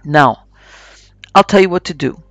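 A man voicing an old rural woman said to be half witch, calm, coaxing and folksy. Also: fairly high pitch, measured pace, dry recording, faint music behind. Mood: brusque.

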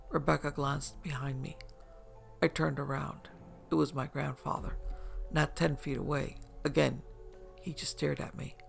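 Male storyteller, extremely gravelly, slightly high pitch, soft measured reading, faint music under it. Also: flat delivery. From upstate New York. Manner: soft, measured and hushed at times. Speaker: narrator. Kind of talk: scripted first-person story narration.

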